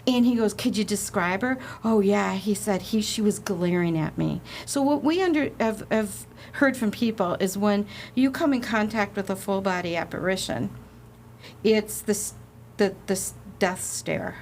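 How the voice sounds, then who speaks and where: A woman casually telling a ghost story on a podcast, animated and laughing, acting out the quotes. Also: mid-range voice, unhurried, creaky, a little hiss or hum. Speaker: guest, haunted inn representative.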